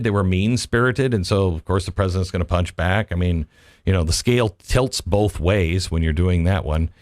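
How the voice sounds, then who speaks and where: A man's voice: lowish voice, dry recording, studio quality. A man hosting a political opinion show, delivering a monologue full of rhetorical questions and folksy asides. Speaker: political commentary host.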